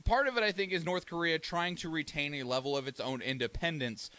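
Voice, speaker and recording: A man's voice: fairly high pitch, a little fast, bright, forceful tone, no room sound. A young American man hosting a podcast, talking casually and profanely, rambling and acting out countries in mock voices. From United States. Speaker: podcast host. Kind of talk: casual solo commentary.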